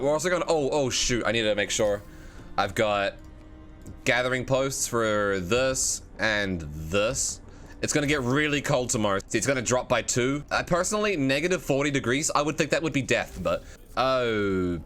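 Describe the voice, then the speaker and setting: A man's voice: medium pitch, expressive, fairly quick, fairly bright tone, a little hiss or hum. A man giving playful, joking commentary on a video game as a streamer. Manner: playful, joking, laughs often.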